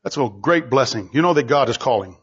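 On a dull lo-fi recording, a husky-voiced male preacher gives an emphatic sermon full of rhetorical questions, alternating loud and hushed delivery. His voice is mid-range and animated, moving a little fast.

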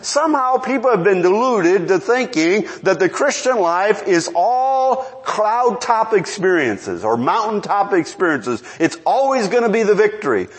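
Animated male preacher with a high voice who questions his congregation and chuckles as he speaks. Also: unhurried, hardly any pauses. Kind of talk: sermon.

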